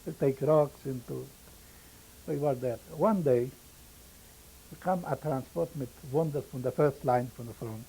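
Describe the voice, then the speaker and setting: An older man whose first language is Yiddish, giving oral history testimony in halting English and pausing to search for words. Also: mid-range voice, gravelly, warm tone, slightly rough, low-quality recording. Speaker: interviewee, survivor.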